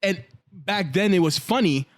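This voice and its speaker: A man's voice: fairly high pitch, fairly quick, no room sound, clean studio sound. A man co-hosting a casual podcast chat, telling stories and acting out quoted lines as he goes. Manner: animated storyteller, acts out quotes. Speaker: podcast co-host.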